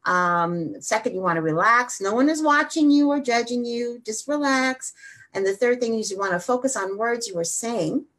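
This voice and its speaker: A woman hosting a wellness show, talking energetically and then slowing down to guide a simple meditation. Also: a little high, a bit bright. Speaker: wellness host.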